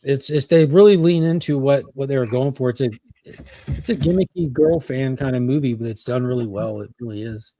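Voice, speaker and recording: A man's voice: mid-range voice, brisk, warm tone, no echo, clean studio sound. A man on a casual pop culture panel, giving blunt opinions and swearing freely.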